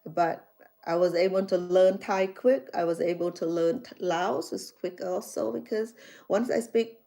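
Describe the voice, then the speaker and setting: A woman's voice: on the low side, a little slow, gravelly. A middle-aged woman from Cambodia with a Cambodian accent, chatting casually to her viewers and acting out conversations as she tells stories. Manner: animated storytelling, acts out dialogue, frequent restarts. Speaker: chef and vlogger.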